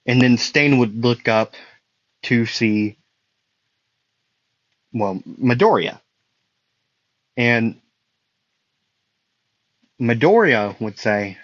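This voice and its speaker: A man narrates an improvised fan story at a slow, unhurried pace, rambling and correcting himself as he goes. His voice sits in an ordinary middle range. The recording is dry and somewhat dull, as from a close home mic. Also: mid-range voice, expressive, no echo. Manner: rambling, self-correcting, many fillers.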